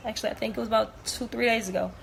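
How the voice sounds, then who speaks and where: A woman's voice: on the high side, fairly even intonation, rapid-fire, gravelly, a bit bright, slight background noise. A woman retelling recent events in a matter-of-fact way. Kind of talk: recounting events.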